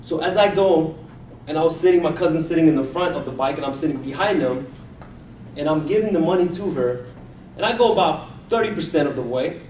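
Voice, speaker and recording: A man from India gives a storytelling speech at a contest and acts out the voices of the people he met. His voice sits a little high and carries an echo, as if he is recorded from across a room. Faint ambience hums behind him. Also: fairly quick, a little mellow, distant mic, a little hiss or hum. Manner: personal anecdote with acted-out quotes. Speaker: contest speaker.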